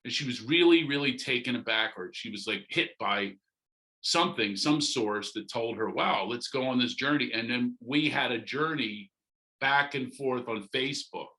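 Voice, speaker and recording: A middle-aged man, a comedian guest on a podcast interview, joking and animated, leaping into loud comic asides. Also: mid-range voice, moderate pace, low-quality recording.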